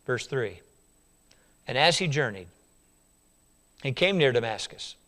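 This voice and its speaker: Lively emphatic male preacher. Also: medium pitch, normal speed. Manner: emphatic, repetitive, asks questions of the congregation. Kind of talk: sermon.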